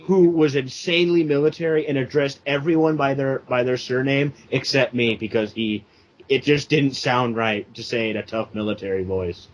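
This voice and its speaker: A man's voice: medium pitch, normal speed. A young man co-hosting a casual podcast, rambling and restarting his sentences. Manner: rambling, self-interrupting. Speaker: podcast co-host. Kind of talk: casual chat. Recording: dull lo-fi sound.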